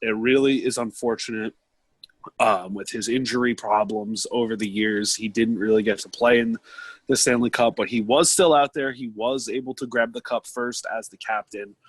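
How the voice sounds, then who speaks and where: A young man chatting on a podcast from his basement, rambling, getting worked up and cracking jokes along the way. His voice sits at an ordinary pitch and sounds close and dry, with little room around it. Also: fairly even intonation, normal speed, husky, no room sound. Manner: rambling, emotional, jokey storytelling. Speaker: podcast co-host. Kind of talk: casual podcast chat.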